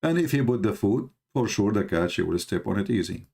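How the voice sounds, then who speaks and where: A middle-eastern man and native Arabic speaker hosts a religious debate live stream, mocking a video through rhetorical questions in broken English. His voice is fairly low, expressive and a little fast, with vocal fry and a darkish, slightly rough tone. It's sarcastic live commentary on the clip.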